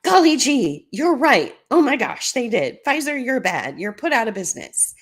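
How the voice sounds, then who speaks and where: A woman putting on the voice of a mock-naive government official who gushes in a high singsong. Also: big pitch swings, normal speed, slightly rough, exaggerated voice. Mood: mock shock. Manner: gushing, singsong.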